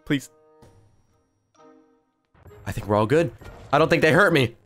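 A young man hosting a gaming video, giving excited play-by-play and shrieking in mock panic. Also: mid-range voice, unhurried, faint music behind. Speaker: YouTube gaming host. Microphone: desk mic with face cam.

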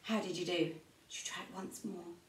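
A woman teaching a music lesson to young children from her room at home, gentle and encouraging. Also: steady tone, brisk. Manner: gentle, encouraging, jumps high in pitch for sung parts. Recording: roomy, distant mic in home room.

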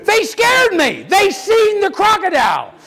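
Older man, preacher, sermon, very high pitch, lively intonation, animated storyteller, occasional shouts. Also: a little slow, a faint crowd. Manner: animated storytelling, acts out children's voices, bursts into shouts. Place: church sanctuary.

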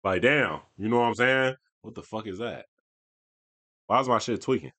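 A man's voice: on the low side, animated, moderate pace, bright, forceful tone. A young man giving casual, slangy reaction commentary on a basketball video, with mumbled asides. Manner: laid-back slangy banter, mumbles asides.

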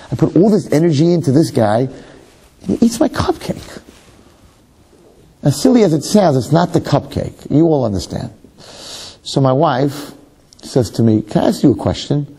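A man's voice: medium pitch, sing-song, brisk, mellow, husky. A man, a rabbi giving a lecture, telling a story animatedly with rhetorical questions and self-mocking humor.

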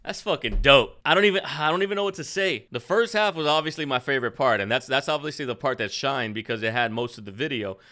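A man hosting a music reaction video in a casual, excitable way, full of slang and calling his listeners "dog". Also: medium pitch, fast talker, hardly any pauses. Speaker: music reaction channel host.

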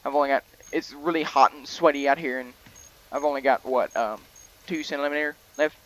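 A man's voice: medium pitch, steady tone, a little fast, a bit bright, rough recording. A young man, rambling and chatty as he gives casual commentary on a hunting game, often correcting himself mid-sentence. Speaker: gaming video host.

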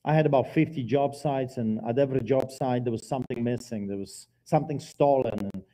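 A man with a dark, mellow voice preaches his testimony from a church pulpit. His storytelling is dramatic, with sudden emphatic rises and drops in loudness. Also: medium pitch, brisk. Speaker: guest preacher giving testimony. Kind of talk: testimony sermon.

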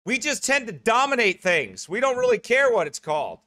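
High, bright-voiced American pastor. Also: male voice, big pitch swings, moderate pace, no echo. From United States. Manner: rambling, joking asides. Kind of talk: church announcements before a sermon.

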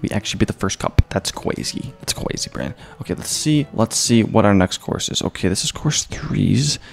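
An excitable man narrates his gameplay in a jokey, playful way, scattering mock-Spanish phrases through his talk. His voice has a gravelly edge, and his pitch jumps around a lot between lines. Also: normal speed. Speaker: gaming YouTuber. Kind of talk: gameplay commentary.

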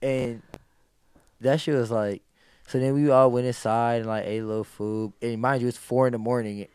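A man's voice: medium pitch, normal speed, clear, resonant tone, no echo, clean studio sound. A man, a podcast guest, telling a story in casual, profane speech and acting out what people said. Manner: animated, profane, acts out quoted lines.

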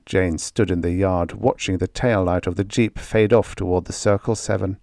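A man reading a vintage science fiction story aloud as an audiobook narrator, with expressive storytelling. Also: deep voice, moderate pace, creaky, hardly any pauses, no echo, studio quality. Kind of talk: scripted narration.

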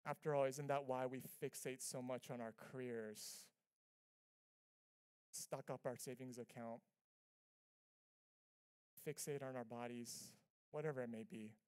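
Male pastor mid-sermon, earnest and conversational, mid-pitched voice. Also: measured pace, long pauses, smooth. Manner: earnest storytelling, quoting family dialogue with lively swings between soft and loud. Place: church sanctuary.

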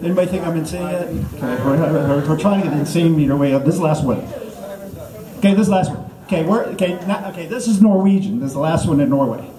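In a mock language lesson played for laughs, a comedic teacher rambles, breaks into his own sentences and restarts with endless okays. His voice leans high and his pace is quick, with a crowd audible behind him. The room is echoey and the mic distant.

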